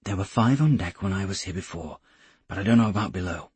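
Male reader as soft-spoken commando, hushed, deep and husky, dry sound. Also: fast talker, no room sound. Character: quiet, pleased male commando.

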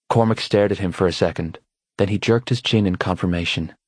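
A man with a deep, low voice narrates an audiobook in a steady, even manner. The recording is close and very dry, with no room sound. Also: fairly quick, slightly rough, no room sound. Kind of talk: scripted narration.

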